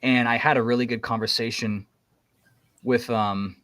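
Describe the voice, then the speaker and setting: A man, a military veteran, chatting casually on a podcast and telling rambling, animated stories. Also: medium pitch, normal speed, no room sound, studio quality.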